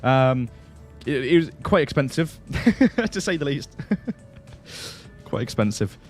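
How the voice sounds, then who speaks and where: A man's voice: medium pitch, big pitch swings, slow, faint music behind. A man hosting a flight simulator livestream, chatting casually, answering viewers and laughing often.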